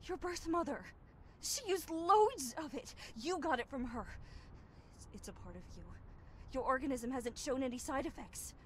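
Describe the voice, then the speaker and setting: An actress playing a woman urgently warning her friend of danger in a horror game, tense and hushed. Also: high-pitched, lively intonation, normal speed, slight background noise. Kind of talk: scripted game voice acting.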